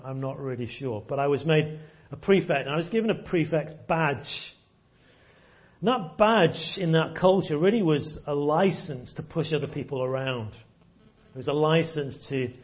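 A man delivers a sermon in an earnest, storytelling way, doubling up words as he presses his points. His voice sits a bit high for a man. The recording sounds muffled and low-fidelity. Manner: earnest, repeats words when stressing a point. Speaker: preacher.

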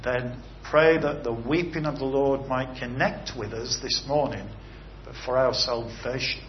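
A man's voice: medium pitch, steady tone, a little slow. An earnest male preacher delivers a sermon, swelling and dropping his voice for emphasis and asking his listeners questions. The recording sounds a little dull, with a faint hiss underneath. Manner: earnest, rising and falling emphasis with rhetorical questions. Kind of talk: sermon ending in prayer.

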